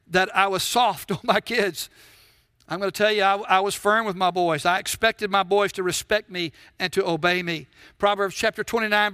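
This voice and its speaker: A man's voice: high voice, bright, forceful tone, no echo, clean studio sound. A middle-aged man, preaching a sermon earnestly and often asking the congregation rhetorical questions. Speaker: pastor.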